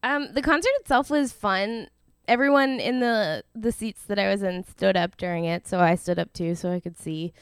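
Casting: woman, smooth clear voice, close dry mic, easygoing chatter, quick to laugh. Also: medium pitch, no echo. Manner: chatty, laughs often, trails off with fillers. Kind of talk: casual chat.

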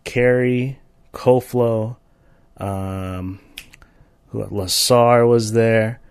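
A man's voice: mid-range voice, steady tone, extremely slow, a little mellow, smooth, no room sound. A man co-hosting a podcast, telling loose, profane stories in a casual chat. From United States. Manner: loose, profane storytelling with laughs. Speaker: podcast co-host.

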